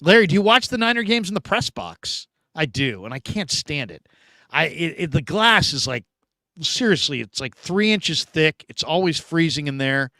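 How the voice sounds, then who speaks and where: Talkative male sports host, higher voice, dry close sound, chatty live-stream delivery with big swings between loud and soft. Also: moderate pace, no room sound. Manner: animated, talkative, swings between loud bursts and quiet asides. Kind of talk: casual live-stream chat reading comments.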